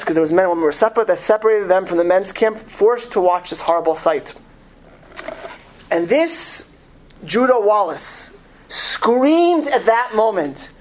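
A woman telling a dramatic true story, with frequent stumbles and restarts as she goes. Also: mid-range voice. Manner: dramatic, stumbling restarts, pauses to ask words.

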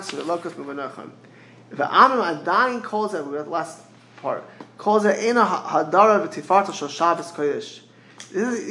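A man's voice: high-pitched, fairly bright tone, echoey room, low-quality recording. A man teaching as a rabbi in a Torah lecture, mixing Hebrew phrases into English and often repeating words as he searches for the next one.

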